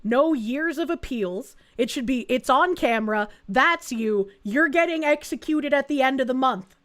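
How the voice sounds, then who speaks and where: High-voiced indignant woman streamer. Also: expressive, normal speed, a bit bright. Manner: blunt, indignant, swears freely. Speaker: streamer reacting to news. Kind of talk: casual reaction commentary.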